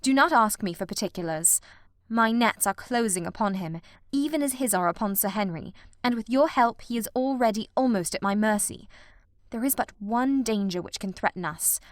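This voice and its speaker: A woman's voice: fairly high pitch, animated, normal speed, no echo, studio quality, natural voice. Sherlock Holmes, urgent, commanding, as a woman reads him. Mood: grave. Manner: clipped, urgent, authoritative. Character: male detective, cool, commanding, intense. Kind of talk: audiobook character reading.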